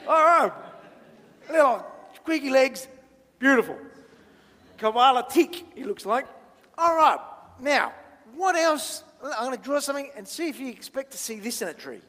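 A man's voice: very high voice, lively intonation, measured pace, long pauses, fairly bright tone. A man leading a playful children's talk in church, chatty and jokey, quizzing the audience as he draws. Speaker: minister giving a children's talk. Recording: long church-hall reverb.

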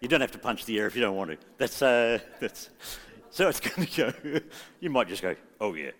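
A man's voice: medium pitch, expressive, moderate pace, a bit bright. A man leading a church congregation in song, giving jokey, chatty instructions between hymns. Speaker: worship leader. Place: large church hall. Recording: echoey church hall with faint music.

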